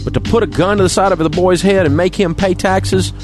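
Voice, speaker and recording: A man's voice: high-pitched, fairly even intonation, brisk, a little mellow, faint music behind. A middle-aged man, hosting a talk radio show and delivering an angry, indignant rant full of name-calling. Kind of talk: ranting talk radio monologue.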